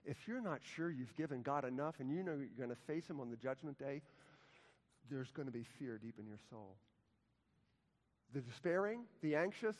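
A male pastor delivers a sermon in a slightly high voice, moving from ringing, emphatic declarations down to hushed, slow words. His voice carries a long reverb from a church sanctuary. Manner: impassioned preaching with wide swings from loud to hushed.

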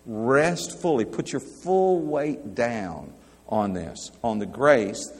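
A middle-aged man preaching in a relaxed, conversational way. He reads scripture aloud and checks in with his listeners. His voice carries a long, echoing reverb from a large hall. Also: medium pitch, slow pace, slightly rough. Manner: conversational Bible teaching, reading verses aloud and asking the audience. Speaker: pastor. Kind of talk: sermon.

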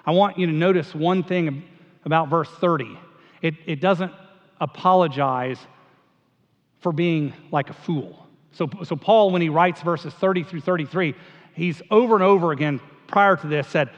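A man preaching a sermon as a pastor, telling stories with animated energy and often repeating words as he goes. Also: on the high side, moderate pace. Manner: animated storytelling, acts out quotes, repeats words. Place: church sanctuary. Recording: dull sound with long hall reverb.

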